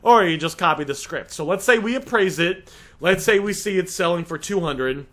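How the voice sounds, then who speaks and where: A man's voice: high-pitched, lively intonation, normal speed, a bit bright. A young man coaching listeners on a sales script, direct and emphatic, repeatedly calling them guys.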